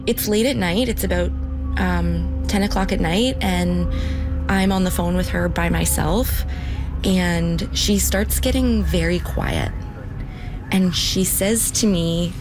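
A woman with a somewhat low voice looks back on events in an interview. She speaks earnestly and slips into quoting herself and others. Music runs clearly beneath her. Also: slow pace. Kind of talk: personal recollection in interview.

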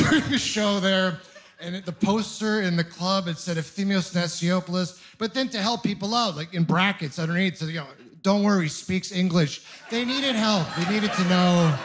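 High-voiced man doing stand-up. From Ontario, Canada. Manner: animated, self-mocking storytelling with mock outrage. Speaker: stand-up comedian. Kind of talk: stand-up comedy set.

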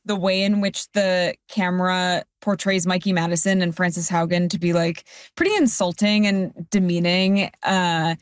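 A woman on a casual panel discussion, giving measured, critical opinions on a film. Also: fairly low pitch, fairly even intonation, clean tone, no room sound, studio quality.

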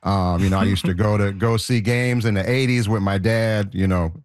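A New man in his fifties talks as a guest, choked up and heartfelt, reflecting as he goes. His voice sits fairly low and sounds dry and close. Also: fairly even intonation, normal speed, dry recording. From New York. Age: 50s. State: choked up, emotional. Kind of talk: casual interview talk.

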